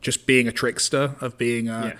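A man's voice: mid-range voice, flat delivery, normal speed, fairly bright tone. A man co-hosting a podcast in casual chat, joking and self-deprecating. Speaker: podcast co-host.

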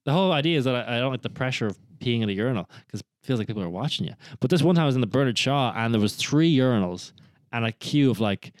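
A man's voice: mid-range voice, expressive, racing, no echo. A young man co-hosting a podcast, telling rambling stories with frequent restarts. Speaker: podcast co-host. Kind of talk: casual chat.

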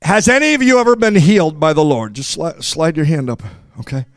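High-voiced, gravelly preacher man. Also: lively intonation, no room sound, studio quality. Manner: rises to shouting, with jokes and asides to the congregation; fills pauses with "uh". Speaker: pastor. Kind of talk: preaching a sermon.

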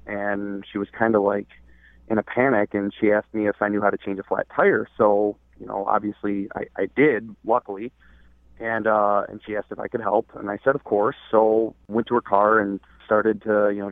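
A man's voice: on the low side, dry recording. A man calling in by phone, telling his story in a hesitant way with lots of fillers. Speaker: caller. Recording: tinny phone line.

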